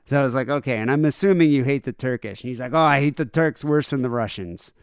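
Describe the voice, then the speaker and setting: A man's voice: mid-range voice, quick pace, clear, resonant tone, no room sound, studio quality. Man animatedly retelling a conversation. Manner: animated retelling, acts out both sides of a conversation. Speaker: podcast co-host. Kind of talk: casual storytelling chat.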